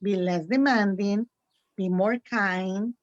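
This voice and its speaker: A woman's voice: mid-range voice, slow pace, no room sound. A woman whose first language is Spanish, a guest spiritual reader who talks with feeling and laughs often. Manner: emotional, laughs often, non-native phrasing. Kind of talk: conversational interview. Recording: dry, muffled call audio.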